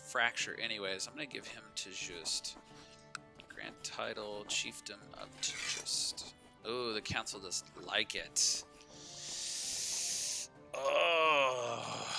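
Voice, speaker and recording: A man streams a strategy game live, keeping up a casual running commentary and bantering with the characters on screen. His voice sits a little low and has a gravelly edge. Clear music plays behind him. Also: pushed and bright. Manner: chatty, talks to game characters and viewers.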